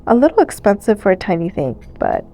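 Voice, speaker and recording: A woman with a stuffy nose doing a chatty, relaxed voice-over for a thrift shopping vlog. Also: medium pitch, a little fast, gravelly. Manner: chatty, relaxed, with fillers and small laughs. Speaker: thrift vlogger. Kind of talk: casual voice-over narration. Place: recorded voice-over.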